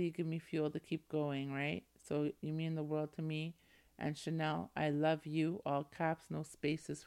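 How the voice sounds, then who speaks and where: Smooth-voiced woman hosting her podcast. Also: low voice. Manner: effusive, affirming, full of thanks and shout-outs. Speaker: podcast host. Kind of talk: solo podcast sign-off.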